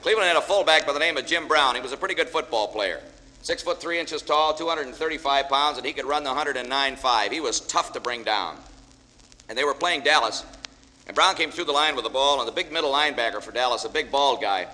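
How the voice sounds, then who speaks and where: A man speaks at a medium pitch, quickly and with a sharp edge, entertaining an audience as an after-dinner guest speaker. He jokes with the crowd and spins folksy stories in a large banquet hall. The recording carries the hall's echo and a faint hiss.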